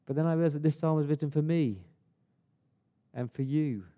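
A man preaching a sermon as pastor, rising to emphatic lists of praise and easing into quiet prayer. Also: on the high side, normal speed. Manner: builds to emphatic praise, then drops to a soft prayer.

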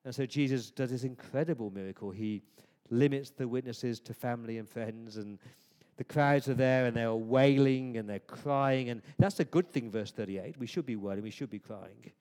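A man's voice: medium pitch, normal speed, hardly any pauses. Preaching man in an echoing hall. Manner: conversational, swings from hushed to emphatic. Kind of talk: sermon. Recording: long hall reverb.

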